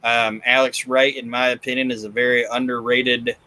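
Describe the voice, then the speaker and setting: Male podcast co-host, bright tone, loose chatty delivery. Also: medium pitch, level tone, moderate pace, low-quality recording. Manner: swears freely, laughs often. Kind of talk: casual chat recapping wrestling.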